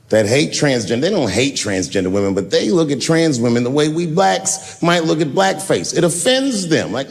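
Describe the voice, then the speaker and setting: Male stand-up comedian, storyteller who acts out scenes, lively pitch. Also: long reverb tail, a little hiss or hum. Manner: storytelling, acting out characters with big pitch swings.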